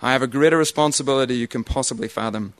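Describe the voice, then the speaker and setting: A man reciting a stern, domineering male military colonel in a loud, forceful declamation. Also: medium pitch, rapid-fire, no echo, lightly acted. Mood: defiant.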